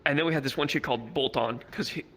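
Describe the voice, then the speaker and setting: A man's voice: medium pitch, fast, a bit bright, poor audio. A young man doing stand-up at a virtual comedy club, telling a rambling, profane story full of fillers.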